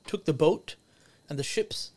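A man's voice: on the high side, unhurried, darkish tone. Earnest man telling a story. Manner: earnest, chatty, slangy. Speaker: podcast guest, youth worker. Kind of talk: casual chat, storytelling.

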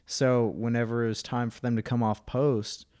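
A man co-hosting a casual podcast, trading jokes and deadpan asides. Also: medium pitch, moderate pace, clean tone. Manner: joking, deadpan asides, laughs at own bits. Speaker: podcast co-host. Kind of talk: casual chat.

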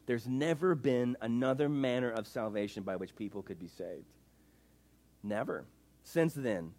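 A man's voice: mid-range voice, darkish tone. A man preaching a sermon in a casual, emphatic way, full of rhetorical questions. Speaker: pastor.

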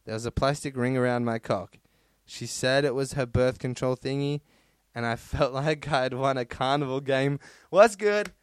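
A man's voice: medium pitch, flat delivery, moderate pace, smooth, no echo. A man hosting a podcast, reading out listener stories in casual chat, swearing freely and laughing between lines. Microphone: close podcast mic.

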